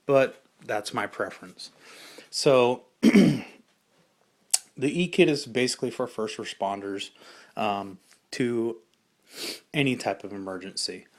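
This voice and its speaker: A middle-aged man explains survival gear in a casual, unhurried way. His voice sits at an ordinary pitch, and his talk is loose and conversational, full of fillers and restarts. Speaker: survival instructor.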